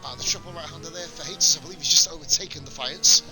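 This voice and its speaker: A man's voice: medium pitch, fairly even intonation, quick pace, over music. A man giving casual live commentary on a sim racing league stream, swearing and chatting with viewers between calls of the action. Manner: casual, sweary, rambling banter with chat. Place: home streaming setup.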